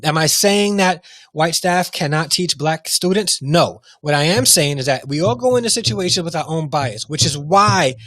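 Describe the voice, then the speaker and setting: A man's voice: a little high, animated, moderate pace, a bit bright, no echo. Fired-up man ranting into a dry mic. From United States. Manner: heated, repetitive, restarts often. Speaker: show host. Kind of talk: impassioned commentary.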